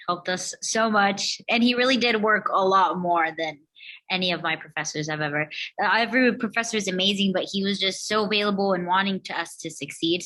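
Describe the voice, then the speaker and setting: A woman student thanks her professor over a video call, grateful and sincere. Her voice is lowish but bright and crisp. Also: poor audio.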